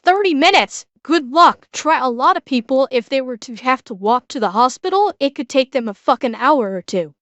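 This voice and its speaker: Crisp-voiced woman streamer, dry close sound. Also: high-pitched, animated, moderate pace, hardly any pauses, a bit bright, no echo. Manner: blunt, swears freely, restarts often. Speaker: streamer reacting to a video. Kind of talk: casual live-stream commentary.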